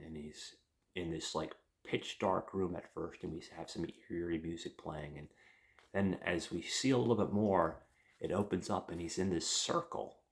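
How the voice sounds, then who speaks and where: Low, gravelly man reviewing a movie. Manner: meandering, hesitant; addresses listeners as guys. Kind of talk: casual review.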